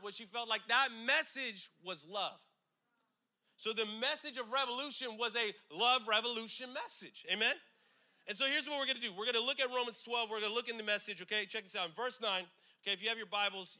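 A man from California preaching a sermon with lots of energy, casual asides, repeated lines and slow, emphatic scripture reading. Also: high-pitched, sharp tone. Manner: conversational asides like "you know what I'm saying".

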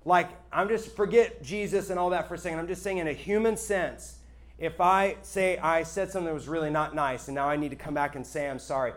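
Male pastor, high voice, emphatic talky sermon to a live room. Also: steady tone, a little fast. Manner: conversational, emphatic, checks in with the audience.

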